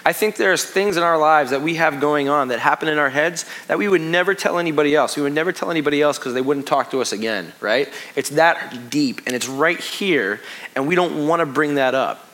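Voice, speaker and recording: A man in his thirties giving a conversational sermon as pastor, full of restarts and sinking to a hush on heavy points. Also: fairly high pitch, fairly quick.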